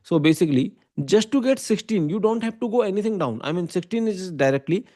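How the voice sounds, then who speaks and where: Indian man teaching, mellow voice. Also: sits high, expressive, fast. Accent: Indian English. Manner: explains step by step, often checking with "okay?" and "right?". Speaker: computer science teacher. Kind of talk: online lecture.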